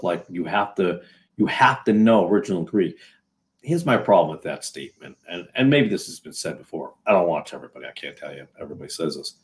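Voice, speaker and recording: A man from New England talks through his own video in a loose, sarcastic ramble, full of ums and false starts. His voice sits a little low, and the talk stays casual and unscripted. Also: darkish tone. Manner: sarcastic, rambling with fillers and restarts. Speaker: video host. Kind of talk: casual solo commentary.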